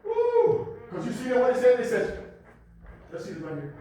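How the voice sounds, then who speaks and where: Male preacher, high and animated, emphatic and repetitive, recorded far off in a very echoey room. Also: fast talker. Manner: emphatic and repetitive, swinging between shouts and hushed asides; addresses the congregation directly, calls for responses. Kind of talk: sermon. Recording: very echoey, mic far from the speaker.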